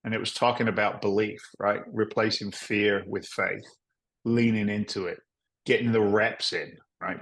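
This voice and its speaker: A middle-aged man with a lowish voice, speaking as an interview guest. He tells his stories in a candid, rambling way, drops in frequent asides, and curses casually. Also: little pitch movement, normal speed, a bit bright, low-quality recording. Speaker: podcast guest, real estate investor.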